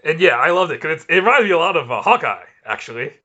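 A man's voice: on the high side, very animated, quick pace, sharp tone, muffled recording. A man co-hosting a comics podcast, chatting casually and enthusiastically, often restarting his sentences. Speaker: podcast co-host. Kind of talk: casual chat.

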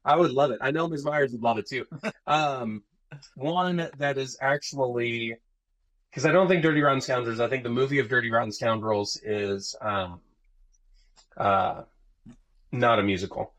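A man in his thirties in a casual podcast chat, with a mid-pitched voice. He talks in an animated, rambling way, piling on fillers as he thinks aloud. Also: moderate pace, pauses often. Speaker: podcast co-host.

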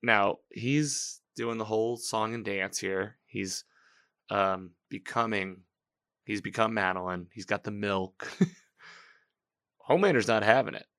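A man hosting a podcast, giving casual, animated commentary as he recaps a TV episode, quoting lines and laughing. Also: on the low side, takes it slowly. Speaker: podcast host. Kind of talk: casual live-watch commentary.

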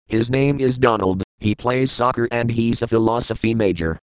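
A man voicing a blunt, commanding old male mentor in a smooth, dry reading. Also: mid-range voice, moderate pace, no room sound, lightly acted, rough recording. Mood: urgent.

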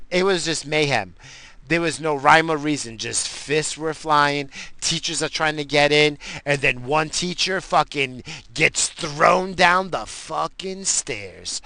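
A man with a gravelly, fry-laced voice that sits a little high, with a bright, forceful edge. He tells his story in a loose, animated way, swearing almost every line and restarting his sentences as he goes. It sounds like casual, off-the-cuff talk.

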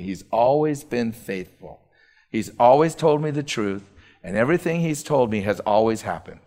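Earnest male pastor preaching. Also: medium pitch. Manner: earnest preaching, rising emphatic repetition. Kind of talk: sermon.

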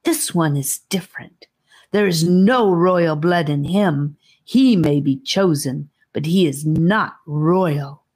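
A woman's voice: low voice, slow, darkish tone, husky, exaggerated voice. A woman reading an audiobook, voicing a sly, frightened female snake servant with a hissing, venomous manner. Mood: hushed hissing.

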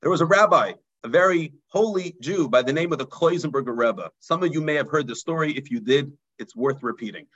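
A man, a rabbi telling a story in a mussar sermon, dropping low and quiet for emphasis. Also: lively intonation, a little fast, few pauses, muffled recording. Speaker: rabbi teaching a mussar class.

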